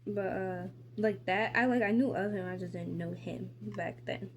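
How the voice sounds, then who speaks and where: A woman's voice: mid-range voice, moderate pace, a little hiss or hum. A teenage girl vlogging while doing her makeup at home, telling a story in a rambling, profane way full of "like" and rants. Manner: rambling, profane, heavy use of "like"; indignant ranting. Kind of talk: casual get-ready-with-me storytime.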